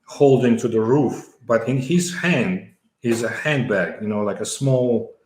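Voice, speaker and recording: A man's voice: medium pitch, a little slow, a little mellow. A middle-aged man from the former Soviet Union, telling a long story as an interview guest, with many fillers and restarts. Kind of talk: conversational storytelling. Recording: echoey room.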